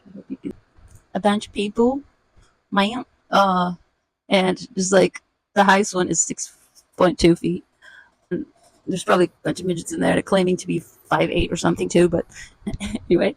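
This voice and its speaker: Brief: sardonic woman, 40s, gravelly voice, dry close sound, presenting her comic pages with halting asides. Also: medium pitch, no room sound, poor audio. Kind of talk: casual walkthrough narration.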